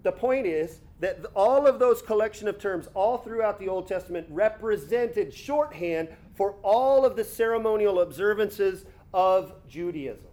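A man preaching a conversational sermon, teaching with rhetorical asides and quick self-corrections. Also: high voice, mellow. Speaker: pastor.

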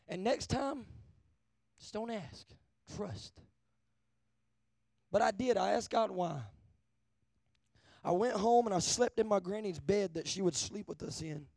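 A man preaching a sermon, asking the crowd for an amen, swinging from hushed to loud. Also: high voice, creaky, no echo. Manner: call-and-response, asking amen often; shifts between hushed and loud.

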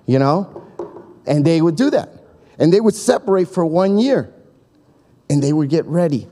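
Guy preaching, lively up-and-down voice, mellow tone, keeps asking the crowd "make sense", long echo of a big hall. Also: a little high, normal speed, pauses often. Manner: animated storytelling, acting out voices; chatty, checks in with the audience. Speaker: pastor. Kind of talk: sermon.

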